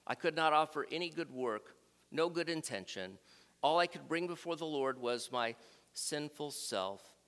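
A man preaching a sermon, reading scripture aloud in a measured, emphatic way. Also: fairly high pitch, expressive, fairly bright tone, big-room sound.

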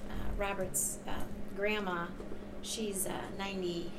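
A woman sharing in a casual Bible study group discussion, talking in a rambling, halting way full of fillers. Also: mid-range voice, fairly even intonation. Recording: distant mic with loud background noise.

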